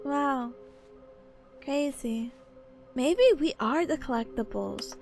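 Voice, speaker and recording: A very high-voiced woman streams a game, giggling and riffing in a playful, chatty way. Her pitch leaps about with lively energy, and faint music plays behind her. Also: measured pace. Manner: playful, giggly, reads game text aloud.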